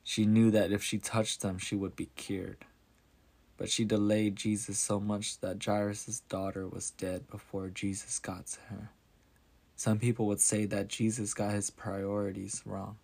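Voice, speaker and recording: Man, storybook narrator, calm measured reading, flat delivery, slow pace. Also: on the low side, vocal fry.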